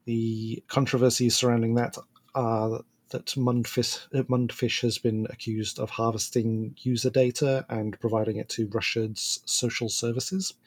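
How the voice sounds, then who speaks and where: A man's voice: medium pitch, flat delivery, a little slow, husky. A man co-hosting a podcast in casual chat, laughing often and trailing off with fillers. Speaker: podcast co-host.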